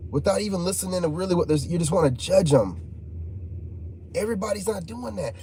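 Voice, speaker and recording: A man delivers a passionate vlog monologue in a mellow, warm-toned voice. He talks in heated, rambling bursts, circling back with fillers and repeating his points for emphasis. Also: on the high side, a little hiss or hum. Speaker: vlogger.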